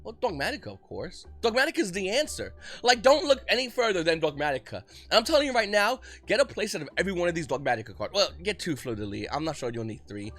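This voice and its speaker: A man giving excited, rapid market commentary as host of his channel, often restarting his sentences. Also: high voice, soft background music. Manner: talks fast when excited, frequent restarts. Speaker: trading card market commentator.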